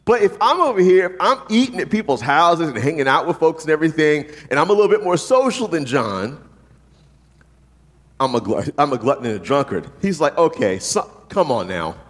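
A man preaches a sermon in a big, echoing hall, his voice a little high and swinging widely in pitch. He jokes, checks in with a rhetorical "right?", and briefly acts out the voices of the people he quotes. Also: fairly quick. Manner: animated, jokey preaching with frequent rhetorical "right?". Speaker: pastor. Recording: long reverb from a large hall.

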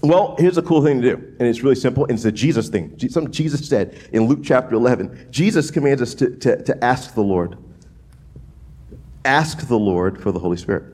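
A man from New Orleans preaching a sermon in a casual, animated way, often restarting phrases and checking in with "right?". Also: medium pitch, slightly rough. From New Orleans, USA. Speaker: pastor.

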